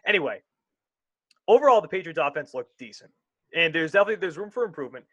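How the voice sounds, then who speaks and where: A young man co-hosting a casual sports podcast, rambling and animated, often interrupting himself. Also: on the high side, fast, no room sound, highs cut off.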